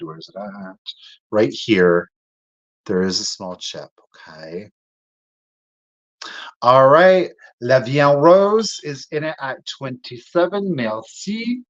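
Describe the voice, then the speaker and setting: A man hosting a live online sale, chatting and gushing as he shows each item to bidders. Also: mid-range voice. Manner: chatty and gushing, drawn-out exclamations, addresses bidders directly. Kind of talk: live sales stream, showing items on camera. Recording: slightly dull lo-fi audio.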